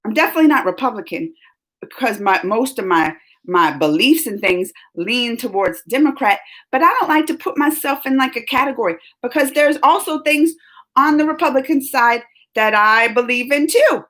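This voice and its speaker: A woman with a high, bright voice talks casually to her live-stream viewers. She is excitable and chatty and laughs often. Her sentences ramble, with many restarts along the way. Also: normal speed. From United States.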